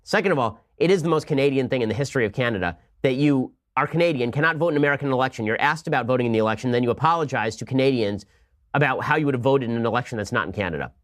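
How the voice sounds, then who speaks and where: A man hosting a political commentary show, arguing in a sarcastic, rapid-fire way. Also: mid-range voice. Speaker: podcast host.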